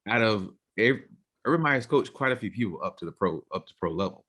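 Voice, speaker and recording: A man's voice: lowish voice, lively intonation, brisk, a bit bright. A young man co-hosting a casual podcast, arguing his points and laying out theories, often repeating himself. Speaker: podcast co-host.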